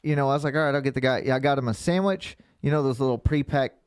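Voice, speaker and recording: A man's voice: mid-range voice, fast talker, smooth, no echo, clean studio sound. A man, co-hosting a podcast and telling blunt, profane anecdotes in casual chat. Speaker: podcast co-host.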